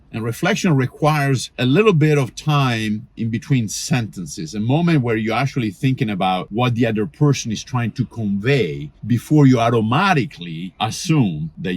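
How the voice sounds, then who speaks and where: A man's voice: fairly low pitch, slightly rough. A man giving a conversational sermon about relationships, quoting example phrases as he goes. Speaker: preacher.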